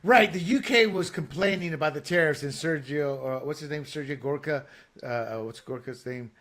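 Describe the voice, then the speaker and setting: A man co-hosting a casual political talk show, excitable and stumbling over fillers and restarts as he argues his points. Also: on the high side, normal speed. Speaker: podcast co-host.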